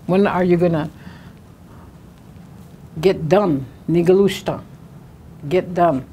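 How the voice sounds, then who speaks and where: A woman teaching a language class, sounding out words slowly syllable by syllable. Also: fairly low pitch, a little mellow. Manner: slow, drawn-out syllable-by-syllable pronunciation.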